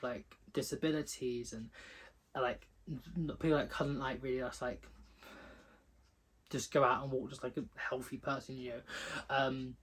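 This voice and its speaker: A man's voice: medium pitch, poor audio. A man giving casual book reviews, gushing and filling his talk with lots of "like". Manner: gushing, talks with lots of "like" fillers.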